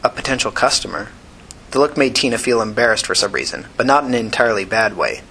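A man reading a story aloud in a steady, even way. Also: on the low side, fast, slight background noise, rough recording. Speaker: narrator. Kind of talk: audiobook reading.

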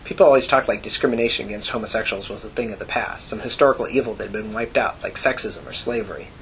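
A man reading a gritty novel aloud in a plain, even storytelling manner. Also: lowish voice, quick pace, a little hiss or hum, poor audio. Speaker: audiobook narrator. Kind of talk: scripted narration.

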